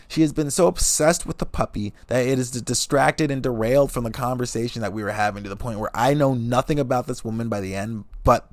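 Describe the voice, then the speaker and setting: A young man telling dating stories in a profane, animated rant, swearing constantly and laughing as he goes. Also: medium pitch, no room sound. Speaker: vlogger. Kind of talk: profane comedic storytelling rant.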